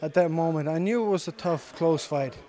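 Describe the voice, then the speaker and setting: A young man with a slight Irish-tinged accent, speaking English as a second language, answering interview questions softly with many pauses and fillers in a gym. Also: a little high. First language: Icelandic. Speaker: interviewed fighter. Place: sports gym.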